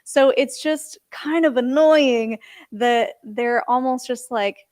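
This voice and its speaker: A woman co-host in casual podcast chat, wry and quick to laugh. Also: high voice, a little mellow, no room sound, studio quality.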